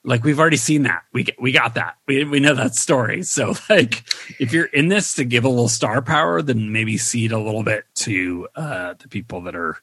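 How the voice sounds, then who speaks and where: A man co-hosting a casual TV review chat, animated and quick to mimic his own reactions. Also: medium pitch, slightly rough, no echo. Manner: animated, quotes reactions in raised voice. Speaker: podcast co-host.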